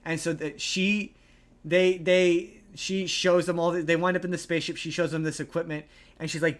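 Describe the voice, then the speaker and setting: A man co-hosting a podcast, recapping a movie plot in a rambling, animated way with many restarts. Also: on the high side, moderate pace. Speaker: podcast co-host. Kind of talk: casual movie recap chat.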